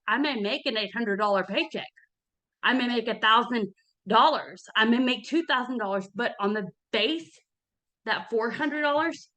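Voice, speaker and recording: A woman's voice: on the high side, sharp tone. Earnest woman giving money advice. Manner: earnest, emphatic, often checks in with "okay?". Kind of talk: casual motivational talk.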